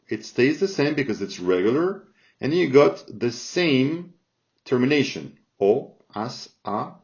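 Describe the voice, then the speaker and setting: A man gives a slow, patient language lesson, often pausing to check in with "all right?" He speaks at a mid pitch and an unhurried pace. The recording sounds dull and lo-fi. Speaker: Spanish teacher.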